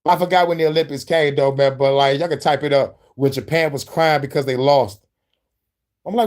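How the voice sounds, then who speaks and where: With a steady, darkish tone and a slightly fast delivery, a man hosts a show and reacts to clips. His commentary is casual and profane; he rambles, laughs often, and launches into squeaky bits.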